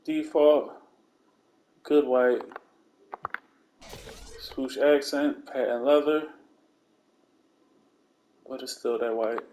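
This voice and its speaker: A man giving a casual, slangy voice-over, calmly walking through steps one by one. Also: medium pitch, drawn-out words, long pauses, slight background noise. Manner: relaxed, laid-back step-by-step instructions; slangy, conversational asides. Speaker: video game content creator.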